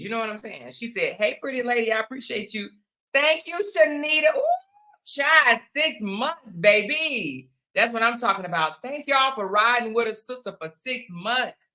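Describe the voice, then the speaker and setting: A woman with a raspy voice hosting a casual livestream, chatting to her viewers and calling them honey and child. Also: mid-range voice, bright, forceful tone. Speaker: livestream host. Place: at home.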